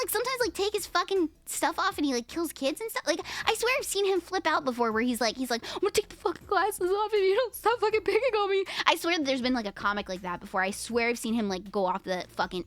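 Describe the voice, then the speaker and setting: Animated, profane young woman streamer. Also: sits high. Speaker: livestream host. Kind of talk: reading and chatting with live chat.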